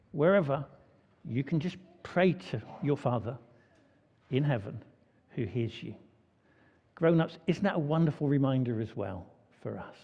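In a dull, echoey church hall recording, a man guides an all-age service, talking chattily and peppering the children with questions. His voice is a little high and a little mellow.

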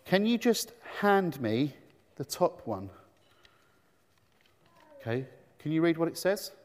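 High-voiced, enthusiastic man in an echoing hall. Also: big pitch swings, slow pace. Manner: enthusiastic, asks the children many questions. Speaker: children's talk leader in church. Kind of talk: animated children's talk.

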